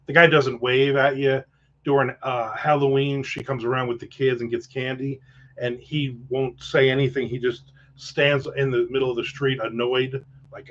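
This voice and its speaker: A man's voice: medium pitch, fairly even intonation, moderate pace, fairly bright tone, a little hiss or hum. A man hosting a casual livestream chat, rambling with profane jokes and asides. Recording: dull lo-fi sound.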